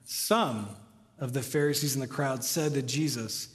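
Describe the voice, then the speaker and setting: A man's voice: medium pitch, a little slow. A young American man preaching a sermon, chatting casually and then rising to passionate emphasis. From United States. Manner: conversational, builds to passionate emphasis. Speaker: pastor. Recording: long hall reverb.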